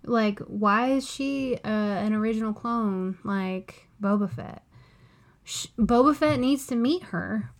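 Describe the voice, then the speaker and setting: A woman co-hosting a podcast, talking excitedly in a casual fan chat. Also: a little high, slow pace. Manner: chatty, excited fan talk with frequent laughs. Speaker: podcast co-host.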